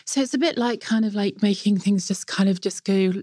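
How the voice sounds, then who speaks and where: A woman's voice: mid-range voice, brisk, mellow, no room sound, clean studio sound. A woman, a sourdough expert, talking enthusiastically and emphatically in a casual interview. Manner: enthusiastic, emphatic, laughs easily. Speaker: sourdough baking expert guest.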